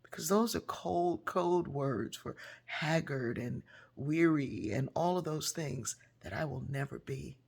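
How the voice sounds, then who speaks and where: Woman, casual storytelling, gravelly, husky, soft near-whispers at times. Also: low voice, unhurried. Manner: warm, conversational, drops to soft near-whispers. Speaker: speaker and author.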